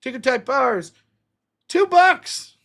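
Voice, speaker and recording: A man's voice: extremely high pitch, animated, slow pace, creaky, a bit bright. Heated, profane male livestream host. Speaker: livestream host reading donations. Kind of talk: casual livestream rant.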